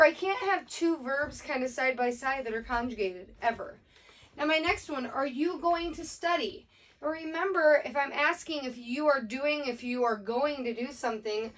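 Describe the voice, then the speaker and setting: A woman's voice: high voice, a bit bright, distant mic. A woman Spanish teacher giving a casual recorded lesson, explaining grammar step by step with many fillers.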